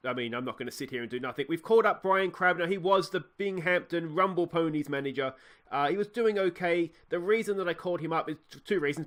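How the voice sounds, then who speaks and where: Australian male let's play host, slightly high voice, relaxed rambling delivery. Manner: chatty, lots of "uh" and "mate". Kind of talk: casual game commentary.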